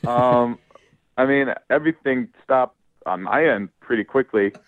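A man's voice: mid-range voice, measured pace. A man talking on a phone call to a radio show, hesitant and awkward. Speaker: caller on the phone. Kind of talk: phone interview. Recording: tinny phone line.

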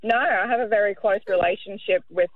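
A woman's voice: medium pitch, a little fast. This is an easygoing woman calling in to radio. Her voice comes through a tinny, narrow phone line. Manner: relaxed, easygoing. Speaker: caller. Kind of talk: phone-in chat.

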